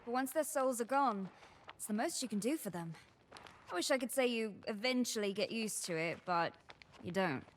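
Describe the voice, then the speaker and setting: A woman voicing a weary guide on a cursed island in video game dialogue, speaking in a calm, rueful, matter-of-fact way. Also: a little high, normal speed, slight background noise, natural voice. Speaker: game character guiding the player.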